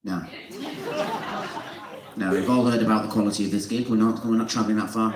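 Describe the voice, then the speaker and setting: A man's voice: on the low side, steady tone, fairly quick. A man compering a live comedy night, teasing the crowd, swearing and laughing along as he introduces acts. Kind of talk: stand-up compering with crowd banter. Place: live comedy gig venue. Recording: echoey room, distant mic, loud noise.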